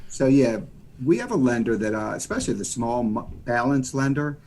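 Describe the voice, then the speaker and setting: In a casual podcast interview, an American mortgage lender folksily rambles about loans, leaning heavily on "you know." His medium-pitched voice is very animated and slightly mellow, delivered at normal speed.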